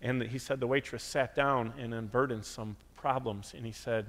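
A man preaching a sermon from a church sanctuary, animated and lively, acting out the quotes he tells. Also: normal speed, hardly any pauses. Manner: animated, acts out quotes with big pitch jumps. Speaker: pastor. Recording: reverberant church hall.

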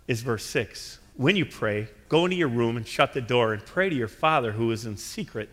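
A man's voice: mid-range voice, expressive, moderate pace, hardly any pauses. Man preaching in a reverberant hall. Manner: earnest, emphatic preaching with wide swings in loudness. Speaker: pastor. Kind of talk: sermon.

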